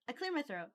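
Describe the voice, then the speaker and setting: Reading a visual novel aloud on a home stream, a young woman reacts with giggles and expressiveness through her desk mic. Her voice is high.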